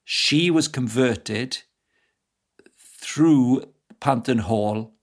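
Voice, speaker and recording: A man's voice: medium pitch, drawn-out words. A middle-aged Welsh man from Wales, a guest evangelist telling stories in a casual interview and laughing often. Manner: lively storyteller who laughs often.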